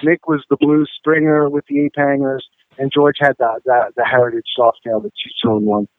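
A man's voice: mid-range voice, little pitch movement, moderate pace, dry recording. Man, rambling storyteller, cursing, fillers, dry close sound, tinny phone line. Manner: rambling, profane, many fillers. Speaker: guest rock musician. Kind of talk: casual interview storytelling.

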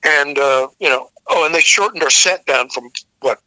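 A man's voice: on the high side, normal speed, bright, forceful tone, no room sound, rough recording. An older man, a rock vocalist, telling rambling, profane road stories in a casual interview. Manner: rambling anecdotal, frequent restarts, profane.

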